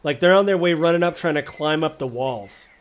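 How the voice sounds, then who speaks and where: A man in a fairly high voice narrates a tabletop game as game master. His delivery is casual and rambling, full of fillers and little laughs. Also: fairly quick.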